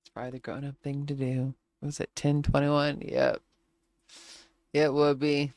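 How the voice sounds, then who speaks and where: Deep and a little mellow, this woman's voice barely moves in pitch and stays unhurried, with no echo. She streams a flight game, chatting in a relaxed way, telling stories with frequent laughter and acting out what people said.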